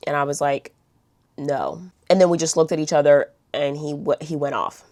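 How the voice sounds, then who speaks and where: A woman's voice: deep voice, fairly even intonation, fast talker, darkish tone, no echo, studio quality. A young woman vlogger telling a storytime in a blunt, chatty way, swearing and saying "like" a lot. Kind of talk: storytime vlog.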